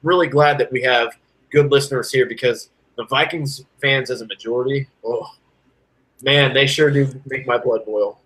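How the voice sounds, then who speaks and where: This man talks at a moderate pace on a low-quality recording while co-hosting a sports podcast. Chatty and animated, he launches into rants whose volume climbs and drops.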